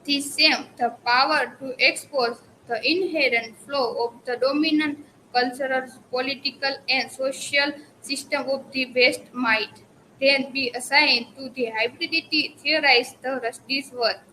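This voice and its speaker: A woman in her twenties with an Indian English accent giving a hesitant classroom presentation, often restarting words and filling pauses. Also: high voice, bright, forceful tone, slight background noise, low-quality recording. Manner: hesitant, frequent restarts and fillers. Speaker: student presenter.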